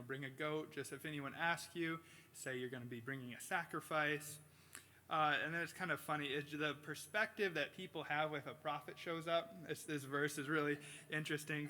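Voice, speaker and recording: Bright-voiced male pastor preaching. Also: fairly high pitch. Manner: casual storytelling with bursts of animated impressions. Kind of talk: sermon. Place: church sanctuary.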